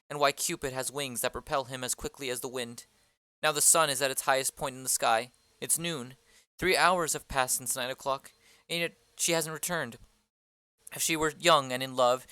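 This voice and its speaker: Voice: medium pitch, pushed and bright, dry recording. A reader doing an impatient, pleading young lover. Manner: pleading, pressing questions. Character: impatient young girl in love, eager and pleading. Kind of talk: amateur play reading.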